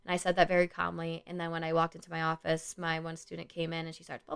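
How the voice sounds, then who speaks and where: A woman's voice: sits low, completely flat delivery, quick pace, gravelly, hardly any pauses, a bit bright, smooth. A young woman who works as a school social worker, talking earnestly and loosely in a casual solo podcast, with lots of "like" and "you know". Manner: rambling, earnest, many "like" and "you know" fillers.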